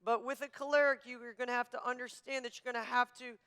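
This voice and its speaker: A woman pastor teaching a marriage class in an emphatic, forceful, coach-like manner. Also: a little high, little pitch movement, fast, clear, resonant tone. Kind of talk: sermon-style teaching.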